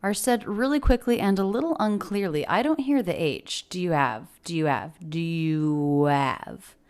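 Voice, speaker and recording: A woman teaching English pronunciation, breaking down phrases and repeating words slowly to model their sounds. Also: medium pitch, very animated, darkish tone. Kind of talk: pronunciation lesson.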